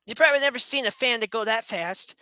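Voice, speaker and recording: Woman vlogger, goofy rambling home chat to webcam, bright, dry sound. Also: a little high, quick pace, no echo. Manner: playful, rambling, laughs often, jokes sarcastically. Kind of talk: casual chat to camera. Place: room at home with a fast fan running.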